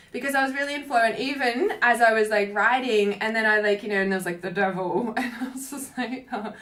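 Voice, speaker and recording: A woman's voice: a little high, a bit bright. A woman who is a spiritual coach, talking casually on a livestream in a rambling way, with many fillers and free swearing.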